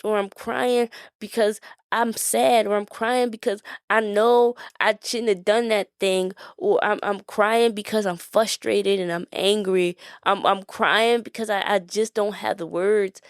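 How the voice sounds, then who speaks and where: A woman's voice: medium pitch, steady tone, unhurried, no room sound, clean studio sound. A woman from Philadelphia with a Philly accent, hosting a podcast in a casual, encouraging talk that keeps checking in with her listeners. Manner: conversational, asks "right?" often, laughs easily. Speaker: podcast host.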